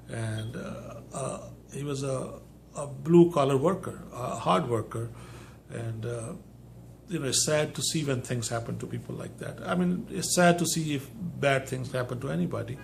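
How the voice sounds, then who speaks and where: A man's voice: mid-range voice, gravelly, slight background noise. A man who works as an accountant, talking to the camera in a plain, earnest way and warning viewers about a phone scam. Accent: South Asian. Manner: plain and earnest, with many fillers and restarts. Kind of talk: casual direct-to-camera warning talk.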